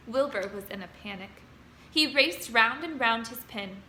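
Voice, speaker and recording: A woman teacher reading a children's novel aloud to her students with expressive storytelling. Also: fairly high pitch, unhurried, slight background noise. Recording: roomy room echo.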